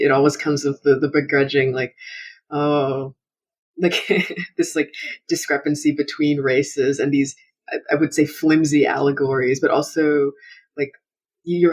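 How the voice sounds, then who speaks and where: A man speaking as a guest on a casual podcast, animated and laughing often between quick asides. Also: a little high.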